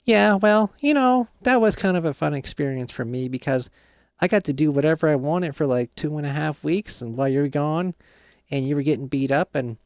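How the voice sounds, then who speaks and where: A man's voice: fairly high pitch, normal speed, smooth, no echo, studio quality, close to an everyday voice. A man voicing a bossy teenage son who lectures his father in a Minecraft role-play. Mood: scolding. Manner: lecturing, preachy.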